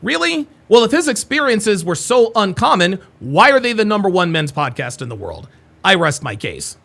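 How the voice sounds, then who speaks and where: Mocking, bright-voiced male stream host. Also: high voice, sing-song, moderate pace. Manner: blunt, mocking, swears freely. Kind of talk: live stream reaction commentary.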